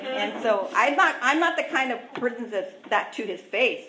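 A woman tells her own recovery story in a candid, self-mocking, chatty way, full of asides. Her voice is a little high with lively intonation, moving at a moderate pace with few pauses, in an echoey room with crowd noise.

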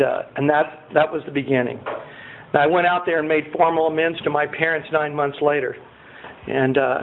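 Guy sharing his recovery story, high voice, gets loud then goes real quiet, thin lo-fi sound. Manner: animated storyteller, swings from loud and excited to quiet and earnest. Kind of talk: personal testimony at a recovery meeting. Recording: tinny lo-fi recording with faint hiss.

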